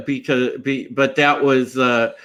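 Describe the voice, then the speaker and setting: A man's voice: medium pitch, steady tone, slow, fairly bright tone, poor audio. A man chatting casually on a podcast panel, retelling scenes with animation and frequent laughter. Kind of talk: casual chat.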